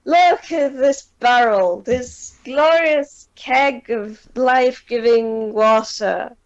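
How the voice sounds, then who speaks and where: A woman doing a high, drunk, rambling sailor. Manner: slurred, rambling, drawn-out. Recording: dull lo-fi sound.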